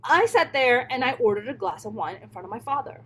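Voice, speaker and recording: A woman's voice: fairly high pitch, expressive, fast talker, fairly bright tone, husky, rough recording. A woman comedian telling a personal story in an interview, blunt and emphatic, swearing often. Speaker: stand-up comedian, guest.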